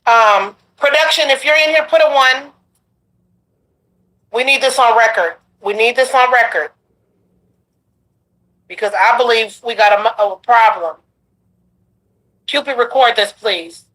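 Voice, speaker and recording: A woman hosts a talk show in a bright, forceful voice. She soothes her guest, repeats her reassurances, and speaks straight to the audience and the crew. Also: on the high side, unhurried, long pauses, low-quality recording. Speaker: host.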